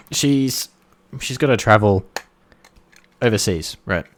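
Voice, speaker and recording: A man co-hosting a podcast, telling jokes in casual chat, animated and swearing. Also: on the low side, slow, slight background noise. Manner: animated storyteller, swearing, laughs at his own jokes. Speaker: podcast co-host.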